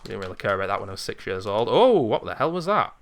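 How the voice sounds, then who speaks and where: A man's voice: fairly low pitch, fast talker, slight background noise. Chatty man calling a hockey game. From Britain. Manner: chatty, drifts into memories, rises into excited calls at goals. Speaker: gaming video host. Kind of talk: casual play-by-play commentary of a retro hockey video game.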